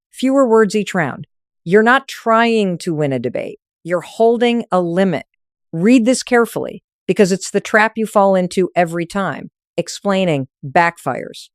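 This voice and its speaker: A woman's voice: mid-range voice, lively intonation, measured pace, no room sound, clean studio sound. A woman narrating a scripted motivational talk, coaching firmly in short, punchy phrases.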